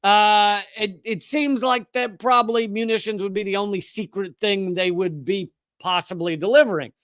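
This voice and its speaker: A man's voice: sits high, steady tone, moderate pace, a bit bright, clear, resonant tone, dry recording. A man hosting a live stream, giving political commentary in a sarcastic, mocking way.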